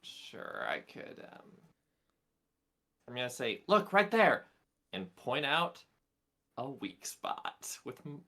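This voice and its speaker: A man's voice: medium pitch, lively intonation, slow pace, vocal fry, long pauses, sharp tone. A man playing a tabletop role-playing game, thinking aloud and hesitating over his moves. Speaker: player.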